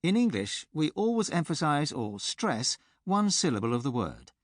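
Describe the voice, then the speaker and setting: A man presenting a pronunciation course in a clear, measured teacher's delivery, recorded close on a studio mic. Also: on the high side, big pitch swings, dry recording. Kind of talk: scripted instructional narration.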